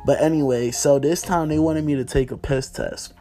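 A man's voice: fairly high pitch, fairly even intonation, normal speed, warm tone, soft background music. A man in his twenties hosting a podcast, telling a story in a rambling, profane way, full of "like" and "you know". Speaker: podcast host. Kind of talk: casual storytelling monologue.

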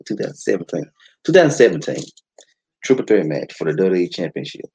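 A man hosting a podcast, giving casual, slangy commentary on wrestling as he watches. His talk jumps to high excited shouts. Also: quick pace, creaky, husky, rough recording. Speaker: podcast host.

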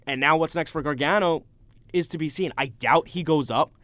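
A young man hosting a casual college radio sports talk show, animated and opinionated, talking over his co-hosts. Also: a little high, normal speed, no room sound. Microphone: studio microphone.

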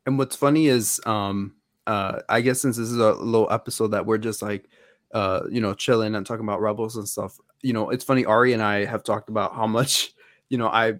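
Lowish and steady, this man's voice moves fairly quickly and sounds a bit bright, in clean studio sound without room noise. He's a podcast co-host in a casual fan chat, rambling and full of fillers and restarts.

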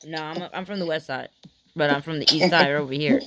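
A person in casual chat with a laid-back, halting way of talking who often repeats words. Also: medium pitch, a crowd in the background.

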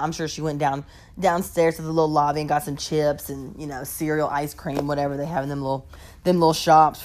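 A young woman telling a story in a casual, gossipy way and reacting with expressive disbelief. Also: sits low.

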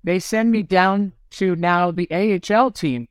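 A man's voice: sits high, measured pace, smooth, no room sound. Ex-goalie guest, a man in his fifties, spinning funny stories with a clean, resonant voice. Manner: lively anecdotes, acts out quoted lines. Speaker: guest, former pro hockey goalie. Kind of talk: casual storytelling on a podcast.

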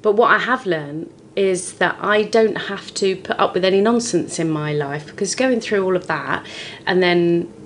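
A woman's voice: lowish voice, moderate pace, hardly any pauses, slight background noise. A woman in her forties from the United Kingdom, a guest talking frankly and expressively about her life in a podcast conversation. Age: 40s. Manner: frank, expressive storytelling with lively swings. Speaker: guest, comedian.

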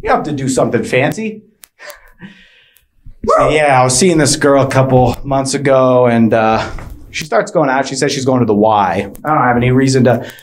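A man's voice: medium pitch, moderate pace. Rambling, hesitant stand-up comedian man. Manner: rambling, hesitant, full of fillers and restarts, mock-awkward. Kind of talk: stand-up routine.

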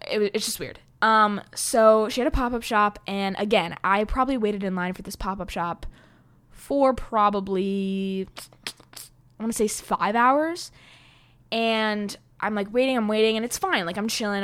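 A young woman telling a personal story to camera in a casual, rambling way, full of "like" fillers and swearing, getting excitable as she goes. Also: mid-range voice, clean tone.

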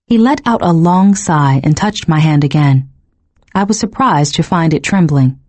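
A woman's voice: low-pitched, moderate pace, slightly rough, no echo. Woman narrating a novel in first person. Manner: expressive, emotionally engaged reading. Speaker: audiobook narrator.

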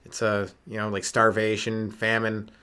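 Delivering everything completely flat, a stand-up comedian with a fairly low, sharp, smooth voice hosts a solo comedy podcast at a moderate pace. He hasn't slept, and his rambling riffs are loaded with fillers and sudden vocal leaps.

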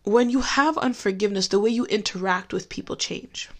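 A woman shares her own faith story in an open, conversational tone. Her voice sits in a middle register. She slows right down to press home the points she cares about. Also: mid-range voice. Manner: candid and conversational, with emphatic slowed phrases. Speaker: Christian speaker giving a testimony. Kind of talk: personal faith talk.

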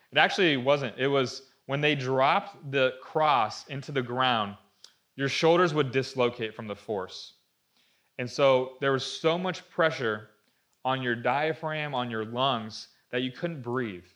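A man's voice: mid-range voice, a bit bright. A man preaching a sermon to a room, earnest and conversational, asking rhetorical questions as he explains. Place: room with an audience.

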